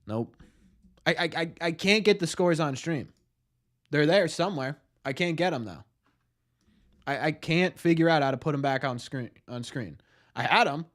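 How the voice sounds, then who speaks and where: A man hosting a casual live stream, greeting viewers in chat by name and ranting excitedly. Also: a little high, normal speed, long pauses.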